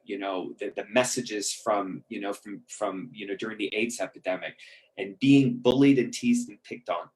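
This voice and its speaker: A man's voice: fairly low pitch, rough recording. A middle-aged man candidly telling his own recovery story in a conversational, emotional way, with many ums and restarts. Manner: emotional, chokes up at moments. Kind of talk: personal storytelling.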